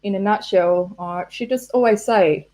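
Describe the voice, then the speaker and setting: A woman's voice: mid-range voice, normal speed, warm tone. A woman hosting a casual live stream, rambling through stories with frequent swearing and laughter at herself. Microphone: laptop mic.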